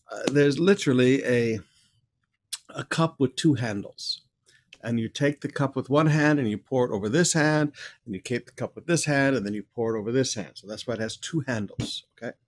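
A man preaches through a scripture passage in an easygoing, conversational teaching voice. His pitch sits in the middle of the male range, and he turns forceful and emphatic whenever he reads the verses aloud. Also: slight background noise. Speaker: pastor. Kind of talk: verse-by-verse sermon.

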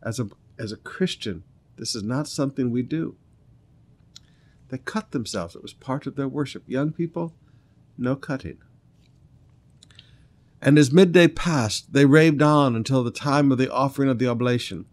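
A man preaching a sermon, reading scripture aloud and adding commentary, swinging between loud emphatic lines and quiet earnest asides. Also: mid-range voice, normal speed, pauses often.

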